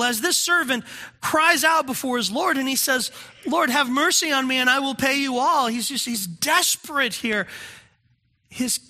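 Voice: mid-range voice, sharp tone. A pastor preaching a sermon in an earnest, conversational way, asking the congregation questions.

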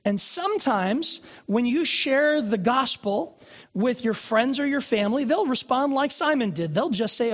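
A man's voice: very high-pitched, animated, unhurried, a bit bright. A male pastor preaching a conversational sermon, telling stories and asking the congregation questions. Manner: conversational, storytelling, rhetorical questions. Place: church sanctuary.

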